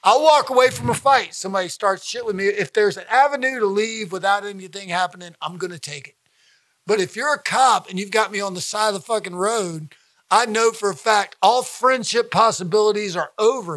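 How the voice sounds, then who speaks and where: A man's voice: high voice, brisk, fairly bright tone, no room sound. A man who is a stand-up comedian talking as a podcast guest, blunt and profane, repeating himself for emphasis and laughing mid-sentence. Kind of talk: casual podcast conversation.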